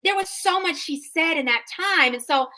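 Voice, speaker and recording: A woman in her thirties with a high, bright voice co-hosts a casual chat. She tells her story in an animated, sassy way and acts out each person's lines. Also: normal speed. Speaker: podcast co-host.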